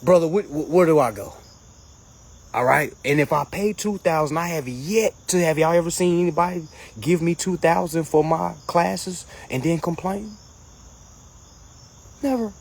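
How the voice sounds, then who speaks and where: A man hosting a casual livestream, answering comments in an animated, mocking way that swings between loud jokes and low asides. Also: normal speed, gravelly. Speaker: livestream host reading comments.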